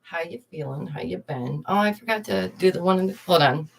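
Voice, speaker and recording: A woman's voice: on the low side, fairly quick, gravelly, a little hiss or hum. A young woman, a streamer and art teacher, chatting casually to her viewers, laughing often and greeting them directly. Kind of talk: casual livestream chat. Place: indoors at home.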